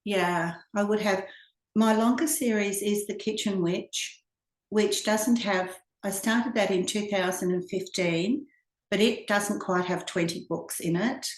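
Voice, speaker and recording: A woman with an Australian accent, an author answering interview questions over a video call in a relaxed, friendly way. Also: mid-range voice, measured pace, reverberant.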